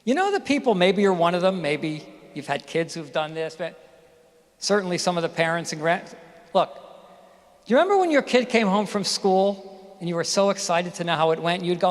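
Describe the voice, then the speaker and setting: In a reverberant hall, a man delivers a graduation speech, telling stories and putting questions directly to the audience. His high voice is expressive and moves at a fairly quick pace.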